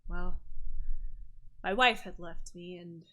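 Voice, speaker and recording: Lady doing a grumbly old bird guy who used to be a man, slow and bright. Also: lowish voice, voice pushed down, rough recording. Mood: sheepish. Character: bitter old male bird, former merchant.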